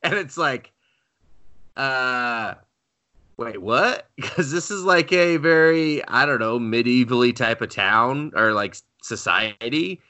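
A man's voice: mid-range voice, a little slow, sharp tone. A man co-hosting a podcast in casual chat, rambling and laughing as he acts out voices in his retellings. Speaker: podcast co-host.

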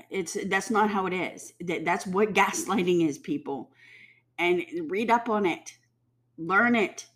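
A woman giving heated, blunt commentary, swearing freely and mimicking people mockingly. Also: mid-range voice. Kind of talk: ranting commentary.

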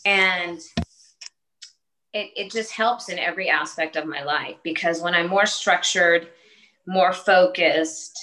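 Fortysomething fitness trainer lady, bright forceful voice kinda low, earnest chat with lots of ums and restarts. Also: slow pace, low-quality recording. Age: 40s. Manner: earnest, talks in short restarting phrases with fillers. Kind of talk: casual podcast interview.

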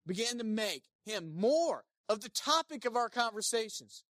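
A pastor preaching a sermon, animated, swinging between loud emphasis and quiet asides, and acting out the people quoted. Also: mid-range voice, normal speed, hardly any pauses, dry recording, studio quality. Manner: acts out quoted speakers in playful voices.

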